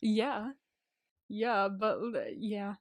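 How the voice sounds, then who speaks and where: A woman's voice: medium pitch, steady tone, extremely slow, no echo. A woman co-hosting a podcast, chatting casually and expressively, often laughing and exclaiming. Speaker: podcast co-host. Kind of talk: casual recap chat.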